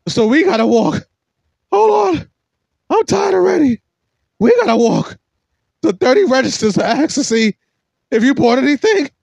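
Brief: sarcastic male podcast host, high and swooping pitch, bone-dry recording. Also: sing-song, normal speed, creaky, long pauses, a little mellow, no echo. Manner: mocking, sarcastic, swings between shrill and low. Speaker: podcast host commentating on a clip. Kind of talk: reaction commentary.

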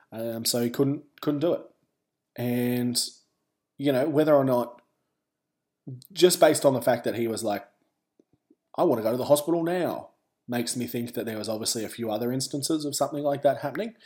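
A man's voice: mid-range voice, a little mellow. A man with an Australian accent, a podcast host telling a personal story in a candid, wry way with wandering asides.

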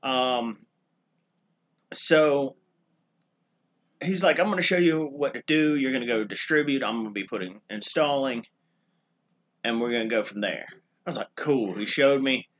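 A man's voice: mid-range voice, measured pace, pauses often, fairly bright tone. A young man, co-hosting a podcast and telling a long, rambling work story with wrestling slang. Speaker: podcast co-host. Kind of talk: casual storytelling chat.

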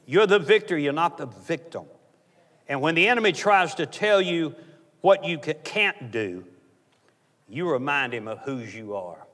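A man's voice: on the high side, lively intonation, normal speed, pauses often, a bit bright, big-room sound. A man preaching a sermon as a guest speaker, telling a story and calling out to the congregation for responses.

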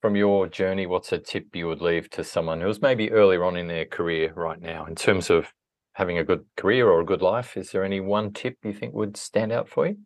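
A man's voice: deep voice, fairly even intonation, a little fast. A man hosting a podcast interview, asking questions and wrapping up in a friendly, reflective manner. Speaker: podcast host. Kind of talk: interview hosting, closing narration.

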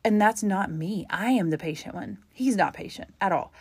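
A woman's voice: medium pitch, moderate pace, a little mellow, breathy edge, no echo. A young adult woman hosting a solo podcast, talking openly and confessionally, rambling with fillers and close to tears. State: holding back tears. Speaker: podcast host. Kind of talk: candid solo podcast monologue.

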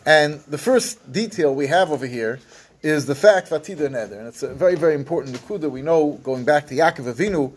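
A man's voice: on the high side, lively intonation, fairly quick, breathy edge. A man teaching a weekly Torah class, explaining verses phrase by phrase and mixing in Hebrew and Yiddish terms.

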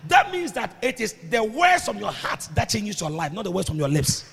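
Raspy high-voiced pastor guy preaching, gravelly, shouts and sings lines, echoey church hall with music. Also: very animated, normal speed. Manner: preaching with sudden shouts and sung phrases. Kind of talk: sermon.

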